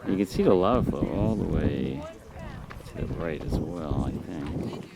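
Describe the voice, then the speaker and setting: A man hosting a travel vlog outdoors, talking excitedly and out of breath after a steep hike. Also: a bass voice, unhurried. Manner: enthusiastic, exclaiming at the view. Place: outdoors on a windy hillside. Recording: loud wind noise outdoors. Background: wind.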